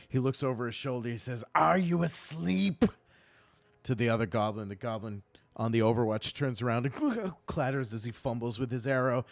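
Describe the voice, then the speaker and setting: A man narrating as dungeon master in a live tabletop game, painting scenes vividly and breaking off for quick rules asides. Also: lowish voice, no echo.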